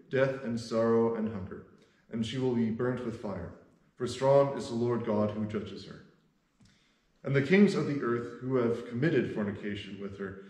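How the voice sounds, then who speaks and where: A man's voice: mid-range voice, a little mellow, echoey room, poor audio. A man leading a devotional as pastor, reading scripture steadily with an occasional filler word.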